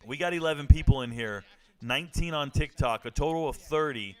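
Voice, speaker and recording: Casual male streamer, slightly higher voice, loose and jokey, reacts to chat. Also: brisk, darkish tone, clear, resonant tone. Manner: laid-back, joking, reads and answers chat. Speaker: livestream host. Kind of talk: casual livestream commentary.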